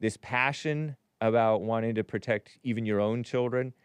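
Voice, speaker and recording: A man's voice: medium pitch, normal speed, smooth, no room sound. A man hosting a call-in talk show, musing aloud in a wry way and often trailing off.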